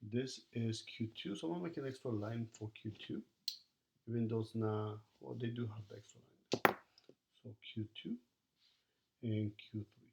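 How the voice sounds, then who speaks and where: A man explaining a math lesson in a recorded video, with a gravelly edge and a pitch in the middle range. He talks to his students as he works through each step and counts the numbers aloud. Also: normal speed, pauses often, heavy background noise. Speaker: math teacher.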